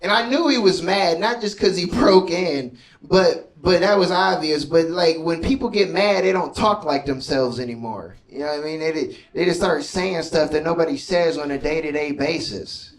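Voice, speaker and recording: A man's voice: fairly high pitch, moderate pace, hardly any pauses, recorded from a distance, poor audio. A man doing a stand-up comedy set, telling loose stories full of swearing and offhand asides. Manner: loose storytelling, profane, laid-back asides.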